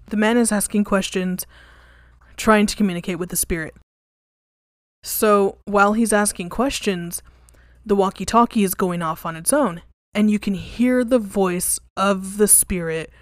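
A young woman talks through a ghost story on her podcast, casual and blunt, cursing freely and leaning on fillers like "like" and "you know." Her voice sits in a middle pitch. The recording is dry and close, with no room sound around it. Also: no room sound. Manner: candid and profane, with frequent fillers. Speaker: podcast host. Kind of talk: casual storytelling about hauntings.

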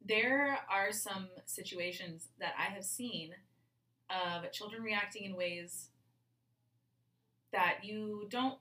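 A woman's voice: mid-range voice, takes it slowly, long pauses, sharp tone, far from the mic. A woman co-hosting a casual true-crime podcast, talking emphatically and swearing when she gets angry, recorded in a bathroom. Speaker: podcast co-host. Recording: echoey bathroom, off-mic.

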